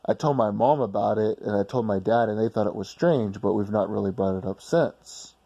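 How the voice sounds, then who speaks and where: A man's voice: fairly low pitch, fairly quick, vocal fry, mellow. A man casually telling a personal story in a rambling, blunt way with some swearing.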